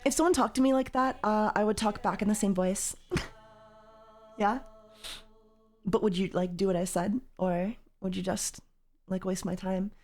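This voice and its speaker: A woman hosting a casual livestream chat, loud and sweary, with a slightly tired voice. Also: medium pitch, fairly even intonation, normal speed, pauses often, faint music behind. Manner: loud, swears freely, jumps into yelling. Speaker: livestream host.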